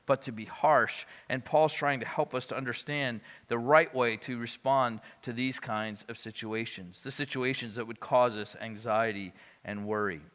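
A man's voice: mid-range voice, steady tone, moderate pace, few pauses, a bit bright, long reverb tail. A man preaching a sermon as pastor, talking conversationally and asking the congregation questions. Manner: conversational, asks the audience questions.

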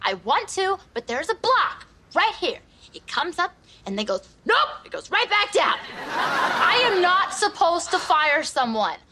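Sardonic young sitcom waitress. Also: female voice, extremely high pitch, measured pace, a little hiss or hum, exaggerated voice. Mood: sarcastic. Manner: sarcastic, deadpan put-downs. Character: sardonic young female waitress and business partner. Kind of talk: sitcom acting.

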